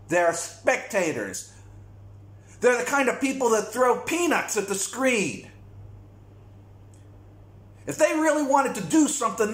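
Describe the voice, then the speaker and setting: A man's voice: sits high, fairly bright tone. A man delivering a blunt, repetitive, profane rant to camera as a vlogger. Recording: echoey room.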